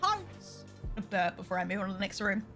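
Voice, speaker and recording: A woman streaming a game live, chatting with her viewers, excitable, swearing freely and breaking into squeals. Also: medium pitch, racing. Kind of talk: live gameplay commentary. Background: game music.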